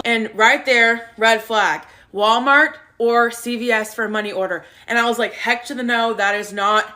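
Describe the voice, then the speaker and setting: A woman vlogging an animated storytime, retelling events with exasperation and quoting herself. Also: fairly high pitch. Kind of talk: storytime vlog.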